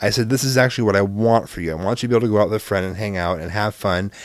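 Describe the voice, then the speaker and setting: A man's voice: lowish voice, very fast, no room sound, studio quality. A man casually telling a story about his child, acting out the dialogue and swearing freely. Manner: animated, acts out both sides of dialogue, swears freely.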